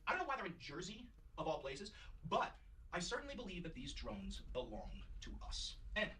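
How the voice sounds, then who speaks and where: A man's voice: high voice, wildly swooping pitch, fairly quick, bright, forceful tone, recorded from a distance, a little hiss or hum, low-quality recording. A man hosting a comedy show, delivering a profane, mocking scripted rant with heavy emphasis.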